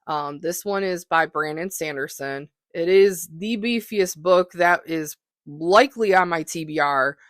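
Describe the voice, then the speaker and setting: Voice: mid-range voice, unhurried, few pauses, fairly bright tone, no echo, clean studio sound. Rambling, chatty podcast host. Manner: rambling, hesitant, lots of ums and likes; enthusiastic, self-deprecating. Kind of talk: casual solo book-talk monologue.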